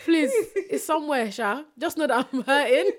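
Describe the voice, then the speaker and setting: A woman's voice: high-pitched, moderate pace. A woman co-hosting a podcast, telling candid stories in a playful, casual way. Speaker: podcast co-host. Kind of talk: casual chat.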